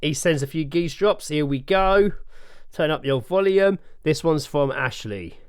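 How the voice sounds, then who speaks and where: A man's voice: fairly high pitch, animated, unhurried, clear, resonant tone, no echo. A man co-hosting a casual podcast, rambling and swearing, a little tipsy from beer, on a close mic. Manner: sweary, rambling, self-mocking. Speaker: podcast co-host.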